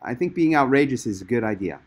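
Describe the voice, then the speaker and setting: A man's voice: mid-range voice, expressive, fast talker, husky. A man hosting a webinar and coaching speakers with emphatic, enthusiastic encouragement.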